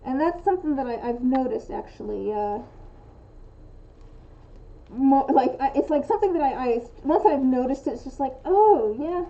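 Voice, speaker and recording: A woman's voice: high voice, animated, normal speed, gravelly, pauses often, mellow, lo-fi sound. A young woman from the western United States, rambling casually with many restarts while crafting on a livestream, often dropping the g in -ing endings. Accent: western American. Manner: rambling, thinks aloud with many restarts and fillers. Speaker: streamer making resin dice.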